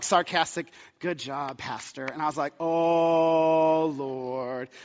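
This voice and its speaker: A man's voice: sits high, a bit bright, big-room sound, dull audio. A man in his thirties preaching a sermon as pastor, chatty and storytelling with many fillers.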